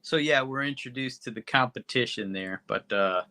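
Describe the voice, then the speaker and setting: A man's voice: mid-range voice, normal speed, bright, forceful tone. A man co-hosting a podcast, recapping a movie plot in a laid-back, rambling way. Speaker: podcast co-host. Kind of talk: casual movie review chat.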